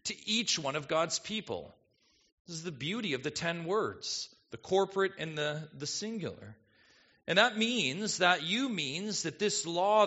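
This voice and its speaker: A man preaching a sermon as a pastor, asking the congregation questions and swinging between quiet asides and emphatic lines. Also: on the high side, highs cut off.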